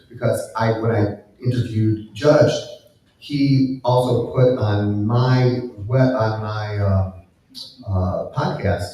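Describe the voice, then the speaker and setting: A man speaking on a live panel discussion, halting with many fillers and restarts. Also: fairly low pitch, dark tone. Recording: echoey room heard from far off.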